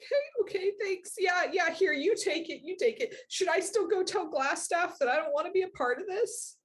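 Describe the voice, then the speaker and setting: A woman's voice: very high voice, animated, normal speed, pitched above the performer's own voice. A woman voicing a frightened fourteen-year-old boy who rambles and pleads through tears. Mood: eager relieved. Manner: rambling, pleading, breathless apology.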